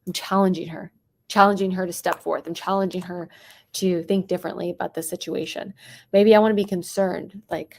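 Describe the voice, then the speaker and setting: A young adult woman coaching on sales tonality, talking quickly and dropping into whispers or bright bursts to show different tones. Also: lowish voice, fairly even intonation, vocal fry. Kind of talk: teaching sales tonality to a live chat audience.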